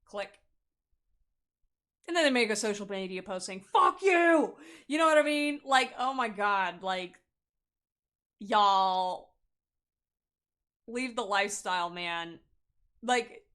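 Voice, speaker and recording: A young woman with a medium-pitched, slightly bright voice gives a casual tarot reading. She's blunt and profane, laughs often, and acts out little quotes.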